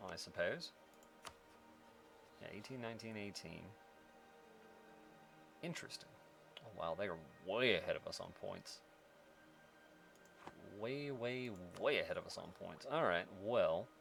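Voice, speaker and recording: Guy with a lowish voice narrating his strategy game, dry little mutters and the odd yelp, music going in the background. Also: creaky. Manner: muttering to himself, wry, with sudden exasperated outbursts. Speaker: strategy game let's-player. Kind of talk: casual gameplay commentary.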